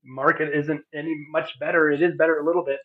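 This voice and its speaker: Here a man's high-leaning voice barely moves in pitch as he rushes through a heartfelt, sincere testimony on a podcast. Fillers and restarts crop up constantly, and the sound is narrow as if over a phone.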